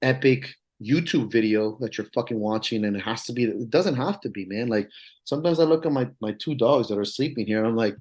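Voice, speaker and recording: A man's voice: medium pitch, a little fast, a little mellow, breathy edge. A man, a strength coach, talks as a podcast guest in a casual way that is emphatic, profane and rambling, but earnest.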